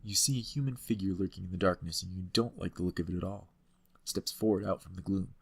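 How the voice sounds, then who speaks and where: Deep, creaky and husky, this man's voice moves fast as he hosts a let's-play of a computer game. He hams it up, reading the game's text aloud and playfully commenting.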